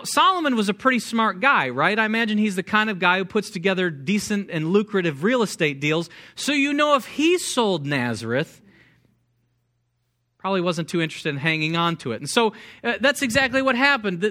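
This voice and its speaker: An American man preaching a sermon in a relaxed, joking way, full of fillers and restarts. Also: sits high. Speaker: pastor. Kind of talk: sermon with slides.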